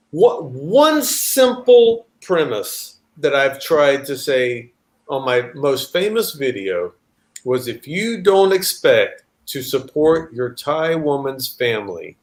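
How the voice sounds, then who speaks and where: A man's voice: mid-range voice, lively intonation, slow pace. A man hosting a casual livestream chat, talking emphatically and repeating words as he makes his point. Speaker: channel host.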